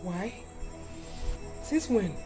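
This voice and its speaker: An actress playing a calm friend who probes and reassures. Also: female voice, medium pitch, drawn-out words, soft background music. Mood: reassuring. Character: calm, sensible female friend. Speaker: confidante. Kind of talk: Nollywood film acting.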